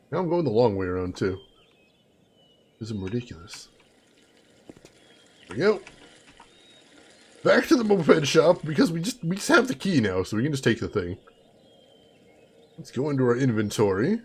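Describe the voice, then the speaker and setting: Raspy, sarcastic game streamer man. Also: medium pitch, very animated, moderate pace, long pauses. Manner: sarcastic, amused, talks to chat. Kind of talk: let's play commentary.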